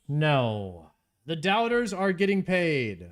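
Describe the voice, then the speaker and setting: A man's voice: on the high side, very animated, measured pace. A man streaming a video game live, chatting casually and thanking viewers by name.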